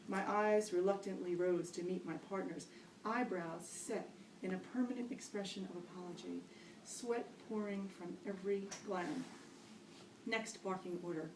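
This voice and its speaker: A woman's voice: lowish voice, moderate pace. A woman reads her own story to a live audience in a wry, self-mocking way. Her voice carries the ring of a roomy gallery space and sits a little back from the microphone, with a faint hum of the room behind her. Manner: wry, self-mocking delivery with lively quoted asides. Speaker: poet reading her work. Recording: roomy, distant live-event recording.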